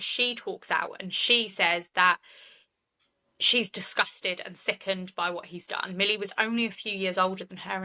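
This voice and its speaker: Co-hosting a true crime podcast, a woman recounts a case with earnest, strongly opinionated talk. She has a mid-range, bright voice with a forceful tone, captured in a rough recording.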